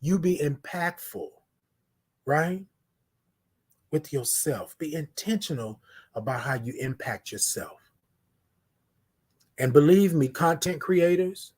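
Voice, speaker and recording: A man. He preaches affirmations, repeats himself for emphasis, and drops from loud calls to near-hushed tones. He sounds close to a phone or webcam mic. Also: fairly high pitch. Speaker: morning show host. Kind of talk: motivational live-stream talk.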